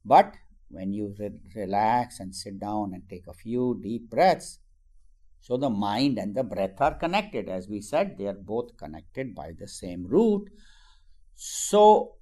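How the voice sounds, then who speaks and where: A man's voice: on the low side, sing-song, takes it slowly, dark tone. A man teaching about the mind and meditation in a conversational way, often adding "you know" and acting out everyday remarks. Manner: conversational, frequent "you know" asides, acts out everyday quotes. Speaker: spiritual teacher.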